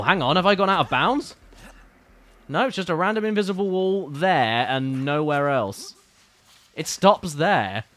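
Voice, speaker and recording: A man's voice: mid-range voice, a bit bright. A man giving casual, playful, teasing commentary while streaming a video game.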